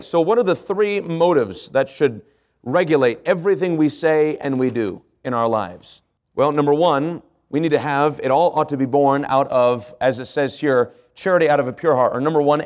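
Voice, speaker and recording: A man preaching a sermon, asking his congregation questions, spelling out key words and slowing down to stress them. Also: mid-range voice. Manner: slows to stress key phrases, rises in passion. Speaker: pastor. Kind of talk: sermon with fill-in handout.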